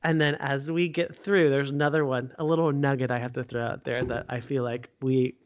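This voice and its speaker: A man's voice: mid-range voice, steady tone, a little fast, lo-fi sound. A male podcast host with a mid-range voice. He talks casually and keeps backing his guest with short affirmations, then he steers with follow-up questions. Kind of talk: casual interview chat.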